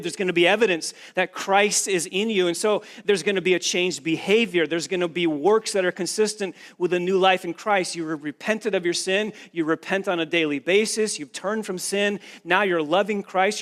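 Man, pastor, sermon, emphatic, repetitive phrasing, somewhat high pitch. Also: fairly bright tone. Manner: earnest, emphatic preaching with repeated phrases.

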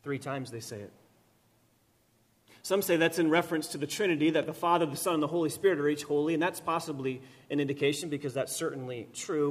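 A man preaching a sermon, swinging from loud emphatic repetition to quiet, slow lines, with touches of gentle humor. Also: a little high. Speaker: pastor.

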